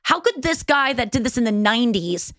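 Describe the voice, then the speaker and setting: Woman comedian, animated storyteller, higher voice, dry close recording. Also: a little fast, no room sound. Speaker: comedian guest. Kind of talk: casual podcast chat.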